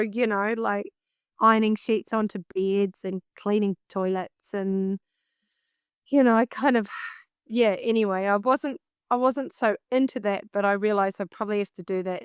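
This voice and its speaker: A woman's voice: mid-range voice, normal speed, smooth, no echo. Kiwi woman chatting, tells stories, acts out her thoughts, dry close sound. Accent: New Zealand. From New Zealand. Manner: animated, acts out her own past thoughts. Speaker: guest, singer and vocal coach. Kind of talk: casual storytelling in an interview.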